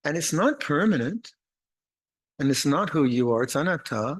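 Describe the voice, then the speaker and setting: An older man, a monastic teacher, giving an unhurried, reflective dharma talk with meditation instructions, often restarting phrases and adding gentle humor. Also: fairly high pitch, animated. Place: retreat meditation hall.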